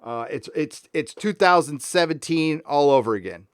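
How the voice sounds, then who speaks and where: A man hosting a casual live stream, ranting with lots of swearing and reading out viewer messages in a warm room. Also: on the high side, animated, normal speed, clear, resonant tone, dry recording, studio quality.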